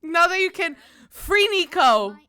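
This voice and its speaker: A woman game streamer chatting casually with her viewers, bubbly and quick to laugh, calling people darling. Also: very high-pitched, sing-song, dry recording. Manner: bubbly, bursts into loud panicked squeals and laughter. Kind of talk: casual live-stream chat.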